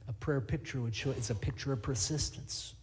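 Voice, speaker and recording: A middle-aged man, a pastor, preaching a sermon and telling stories in a lively, animated way. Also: mid-range voice, moderate pace. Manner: storytelling, animated, acts out scenes.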